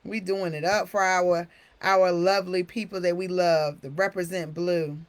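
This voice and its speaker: A woman's voice: lowish voice, steady tone, moderate pace. A woman hosting a live stream talk, chatty and familiar, calling her viewers honey. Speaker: host.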